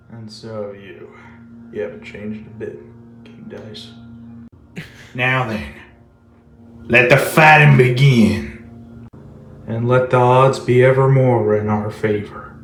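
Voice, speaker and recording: A man voicing a taunting male villain with theatrical, drawn-out delivery while playing with toys on a home video. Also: medium pitch, roomy sound, close to an everyday voice. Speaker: person acting out a toy fight on video. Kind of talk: playful voice acting with toys.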